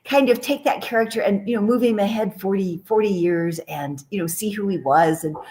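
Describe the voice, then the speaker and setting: A woman novelist talking in a casual radio interview, chatty and animated, often restarting her phrases. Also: mid-range voice, fairly quick, very noisy. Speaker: novelist guest.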